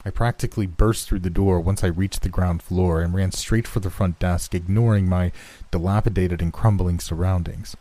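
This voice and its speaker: Deep-voiced man narrating horror. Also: fairly even intonation, mellow, dry recording. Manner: measured, dramatic storytelling.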